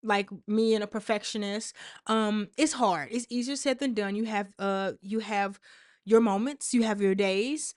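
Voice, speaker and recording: A woman's voice: medium pitch, no room sound, clean studio sound. A woman vlogger talking straight to camera, emphatic and repetitive, with sassy asides. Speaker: motivational vlogger. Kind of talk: direct-to-camera motivational talk.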